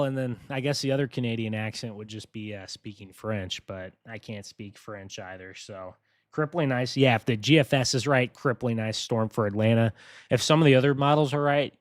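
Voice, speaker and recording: A man hosting a live weather briefing, talking casually and excitedly to his viewers. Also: medium pitch, no room sound, clean studio sound. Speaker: weather streamer.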